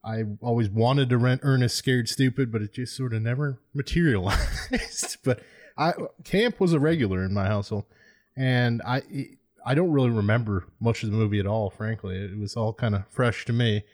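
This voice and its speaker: A man in casual film-review chat who talks in a relaxed, rambling way and often restarts his sentences. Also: mid-range voice, normal speed. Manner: relaxed, rambling, self-interrupting.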